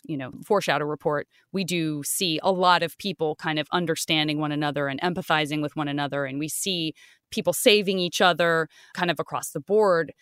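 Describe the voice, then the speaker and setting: A woman hosting a podcast, chatting in an animated, talkative way, her voice jumping high when she gets excited. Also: clear, resonant tone, no echo, studio quality. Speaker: podcast host; voice actress. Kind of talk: casual podcast chat.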